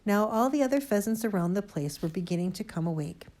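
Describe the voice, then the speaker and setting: A woman narrating a children's storybook aloud in an expressive, lively way. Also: mid-range voice, fast. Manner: lively expressive reading, first-person boy narrator. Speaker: audiobook reader.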